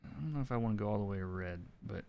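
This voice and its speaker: A man, a comic colorist, chatting casually on a livestream while he works, thinking aloud with many restarts and soft chuckles. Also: on the low side, animated, fast talker, creaky. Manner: chuckles softly between remarks. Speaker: comic book colorist streaming his work.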